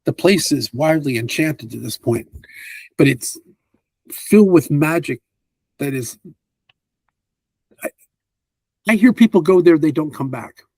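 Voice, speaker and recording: A man voicing a weary male priest healer who talks in hesitant, halting phrases. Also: fairly high pitch, lively intonation, a little mellow, breathy edge, no echo, heavily acted. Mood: warning.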